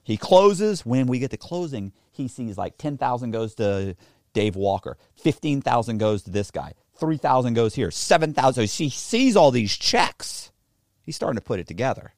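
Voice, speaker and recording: A man's voice: mid-range voice, moderate pace, no echo, studio quality. A man telling a story in an interview, swearing freely and acting out the people in it. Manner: profane, animated, acts out the people in his story. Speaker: interview guest. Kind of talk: casual storytelling.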